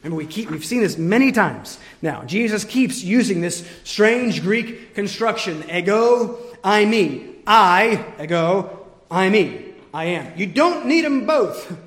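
A man preaching an expository sermon with emphatic points that swing from forceful to quiet. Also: sits high, animated, measured pace. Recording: echoey hall with long reverb.

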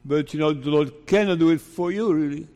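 A man preaching a sermon as pastor, deliberate and emphatic, asking his listeners rhetorical questions. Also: a little high, warm tone. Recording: long reverb of a large hall.

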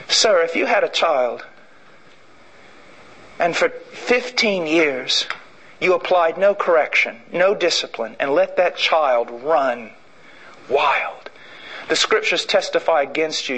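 A preacher from Illinois delivering an impassioned sermon. He swings between shouted declarations and low, intense passages. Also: expressive, slow pace, pauses often, rough recording. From Illinois, USA. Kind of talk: fiery sermon.

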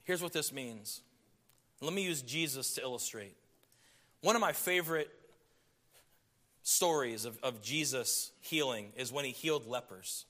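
Bright-voiced preacher swinging loud to hushed. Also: male voice, mid-range voice, a little slow, long pauses. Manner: dramatic swings from loud emphasis to hushed tones. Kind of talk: sermon.

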